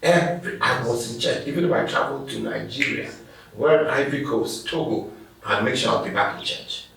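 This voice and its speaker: A man's voice: medium pitch, brisk, vocal fry, noisy background. A middle-aged man, a pastor telling stories and laughing as he answers interview questions. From Ghana. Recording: echoey room, distant mic.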